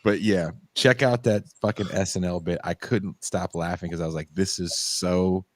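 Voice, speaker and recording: A man's voice: low-pitched, moderate pace, no room sound. A man co-hosting a casual political podcast, retelling a comedy sketch with lots of swearing. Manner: animated storytelling, swears often. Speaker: podcast co-host.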